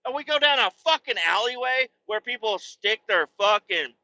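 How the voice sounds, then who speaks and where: High, bright-voiced man ranting on a podcast. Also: animated, moderate pace, muffled recording. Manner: swears constantly, works himself up into shouting tirades. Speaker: podcast host. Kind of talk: casual profane storytelling rant.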